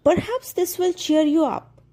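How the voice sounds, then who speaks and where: A woman's voice: very high-pitched, a little slow, mellow, voice pushed up. A woman voicing a kind, frightened little girl who stammers and sobs in a storybook. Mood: gentle. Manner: stammering, tearful.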